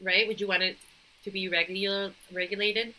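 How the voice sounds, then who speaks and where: A woman's voice: medium pitch, fairly even intonation, normal speed, sharp tone, low-quality recording. A young woman co-hosting a podcast in casual chat, playful and teasing. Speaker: podcast co-host.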